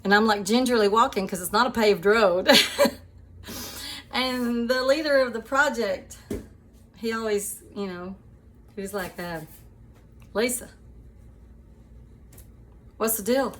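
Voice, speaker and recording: A woman hosting her own show, telling a personal story to her viewers in a chatty, animated way, often laughing and calling them sweeties. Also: fairly high pitch, a little slow, pauses often, a little hiss or hum. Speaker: show host.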